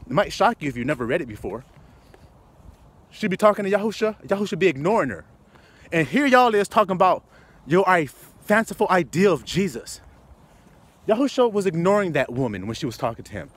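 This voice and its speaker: A man's voice: high-pitched, very animated, brisk, long pauses. A man preaching a confrontational, profane sermon full of rhetorical questions. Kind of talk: fiery street sermon.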